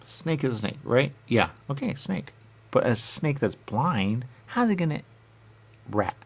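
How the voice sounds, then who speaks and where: A man rambling in a goofy comic back-and-forth with himself, answering his own questions and dropping into hushed asides. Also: mid-range voice, big pitch swings, unhurried, gravelly, husky. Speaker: radio show personality.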